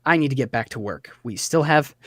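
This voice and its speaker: A man doing a worn-out woman builder who keeps her words soft, quiet and practical. The sound is dry and close, in an everyday tone of middling pitch. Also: a little fast, dry recording, natural voice. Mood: resigned. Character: weary kind woman builder, the house's wife.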